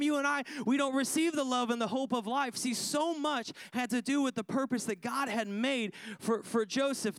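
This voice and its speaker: A man's voice: very high voice, clear, resonant tone, dry recording. A man preaching a sermon, emphatic, repeating phrases for effect and putting questions to his listeners. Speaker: pastor.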